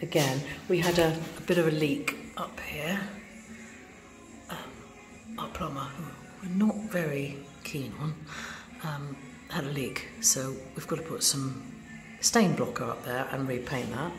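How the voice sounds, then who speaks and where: A woman's voice: low voice, a little slow, over music. A woman vlogging her bungalow renovation in a casual, wry, self-deprecating way, sounding a little tired. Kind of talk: casual home renovation vlog. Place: empty bungalow under renovation, indoors. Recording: echoey bare rooms with hall reverb and background noise.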